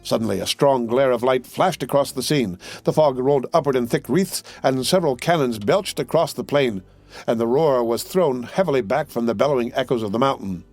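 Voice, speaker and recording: A man reading a classic adventure novel aloud as an audiobook narrator, in a steady, measured way. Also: mid-range voice. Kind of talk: scripted narration.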